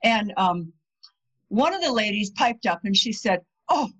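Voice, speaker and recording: A woman with a mid-range, slightly rough voice speaks unhurriedly as a guest on a podcast. Her casual talk on spirituality is full of stories where she acts out quoted voices, though the recording is dull and lo-fi.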